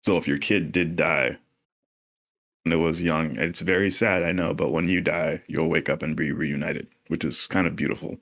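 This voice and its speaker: A man with a very deep voice talks through ideas in a loose, casual way, as if chatting with friends. He puts things in plain terms and drops the odd swear word. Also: fairly even intonation, normal speed, vocal fry, fairly bright tone. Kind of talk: casual explanatory podcast talk.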